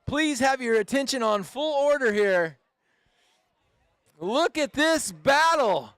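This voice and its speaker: A man calling a street bike race live outdoors, excited and playful, cheering the riders on. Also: extremely high pitch, slow pace, smooth, dry recording, clean studio sound. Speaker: race announcer.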